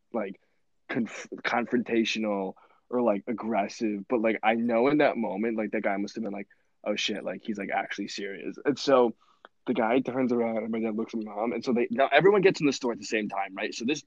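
A man's voice: fairly low pitch, no echo. Young guy rambling a story on a podcast, lots of likes and laughs, dry dull audio. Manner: rambling, animated, many fillers and laughs. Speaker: podcast host. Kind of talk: casual storytelling chat.

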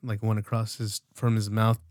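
A man's voice: fairly low pitch, little pitch movement, moderate pace, darkish tone, no room sound. Rambling, profane podcast guy, dry sound. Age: late 20s. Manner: rambling, loose, profane, many fillers. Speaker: podcast co-host. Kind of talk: casual podcast chat.

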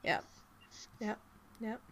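A woman with a light Southern accent co-hosting a casual podcast, recapping a movie in an animated way and swearing often. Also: drawn-out words. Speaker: podcast co-host.

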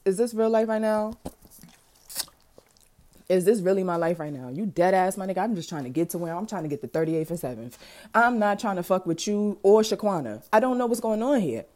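Woman podcast host, warm, low-lit voice, animated and slangy storyteller. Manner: animated, profane, slangy and dramatic. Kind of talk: casual storytelling.

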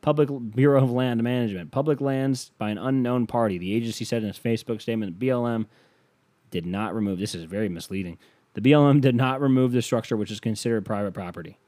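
Man, podcast host, sarcastic, deadpan, casual swearing, dry close mic. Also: medium pitch, fast talker, dry recording. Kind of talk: casual podcast chat with ad read.

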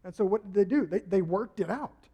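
Male pastor, high voice, animated preaching delivery that acts out the people he quotes. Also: brisk, husky. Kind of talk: sermon.

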